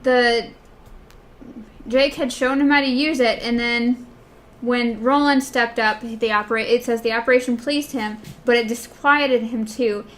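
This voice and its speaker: A woman's voice: on the high side, steady tone, unhurried. A woman co-hosting a casual book discussion podcast, comparing her edition and reading short bits in a hesitant way. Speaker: podcast co-host.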